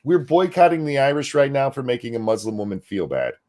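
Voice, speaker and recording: A man's voice: mid-range voice, sing-song, a little fast, darkish tone. A man co-hosting a casual political commentary chat, blunt and sarcastic, swearing freely and reading viewer messages aloud. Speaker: podcast co-host.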